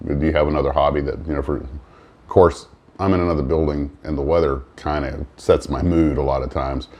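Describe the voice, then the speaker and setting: A man's voice: extremely low pitch, fairly even intonation, a little fast, darkish tone. A man hosting a casual morning vlog about model building, who rambles with many fillers and restarts. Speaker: model-building channel host.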